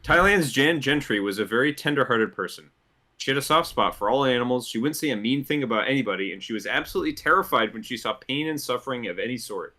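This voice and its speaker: Bright-voiced chatty man. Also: medium pitch, lively intonation, fast. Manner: chatty, laughs easily. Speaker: podcast co-host. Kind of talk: casual chat and script reading.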